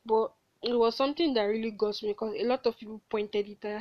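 A woman's voice: fairly high pitch, fairly even intonation, a little fast, darkish tone, dry recording. A young woman, hosting a candid solo podcast; she rambles, swears bluntly and laughs at herself. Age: late teens. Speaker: podcast host. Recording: dull, dry lo-fi home recording.

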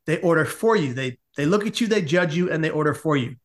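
A man with a somewhat high voice tells a comic story as a podcast guest. He is animated and acts out each person in the tale. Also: quick pace. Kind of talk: storytelling in casual conversation.

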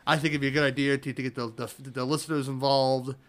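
A man's voice: mid-range voice, little pitch movement, quick pace, a bit bright. Rambling man chatting on a podcast. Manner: rambling, stumbles and restarts often. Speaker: podcast guest. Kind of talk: casual podcast chat.

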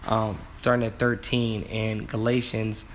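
Casting note: unhurried man, mid-pitched voice, faint background hiss, musing teacher type. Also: flat delivery. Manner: slow, exclaims wow, sounds out words. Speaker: Bible word-study teacher. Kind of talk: casual Bible word study.

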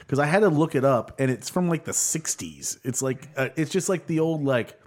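A man's voice: on the high side, animated, normal speed. A man co-hosting a casual podcast, rambling through points with restarts and easy laughter. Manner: rambling, many fillers and restarts, laughs easily. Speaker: podcast co-host. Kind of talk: casual chat.

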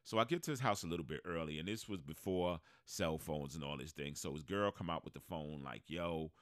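Very deep and brisk, this man's voice comes through a dry, clean studio recording. As a podcast co-host in a relaxed storytelling chat, he tells a long tale and animatedly performs each quoted character.

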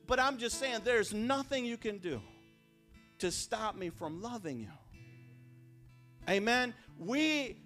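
A man preaching a sermon as pastor, talking in a conversational way with repeated phrases and restarts, dropping quiet and then rising loud. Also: high-pitched. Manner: swings between hushed and raised. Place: church sanctuary.

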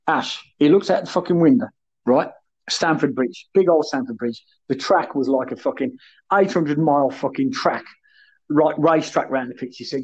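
A man's voice: a little high, normal speed, husky. A middle-aged man, a former footballer, telling blunt, sweary stories in casual podcast chat. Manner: blunt, sweary, animated storytelling. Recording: muffled lo-fi audio.

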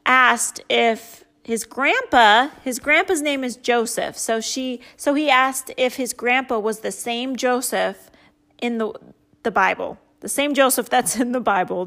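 Giggly woman with a higher voice. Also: a bit bright. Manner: giggly, often laughs at what she reads. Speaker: host; parent. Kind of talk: casual chat reading out funny stories.

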